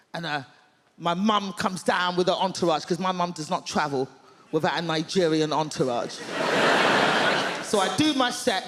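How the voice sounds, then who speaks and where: A woman doing stand-up on a large theatre stage, telling stories with big, shouted punchlines. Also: lowish voice, slight background noise. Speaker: stand-up comedian. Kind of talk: stand-up comedy. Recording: live theatre, hall reverb, roaring audience.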